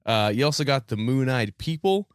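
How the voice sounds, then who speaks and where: A man's voice: mid-range voice, expressive, moderate pace, smooth, no echo, clean studio sound. A young man hosting a casual podcast, laid-back, swearing freely and laughing often. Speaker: podcast host.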